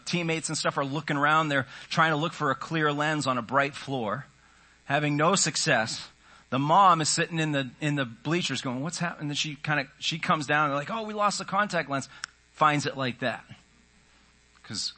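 A man's voice: a little high, normal speed, bright, forceful tone. A man preaching a sermon in an earnest, conversational way, often voicing the inner thoughts of his listeners. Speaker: pastor.

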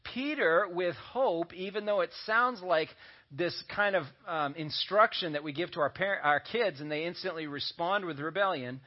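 A man's voice: high-pitched, moderate pace. A man preaching a sermon as a pastor, talking conversationally and slipping in joking asides. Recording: dull lo-fi audio recording.

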